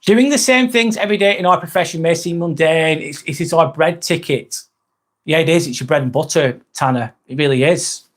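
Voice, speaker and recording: Reading viewer comments out loud, a middle-aged English-accented man rambles candidly in a casual live-stream chat. His voice is fairly high and a little fast.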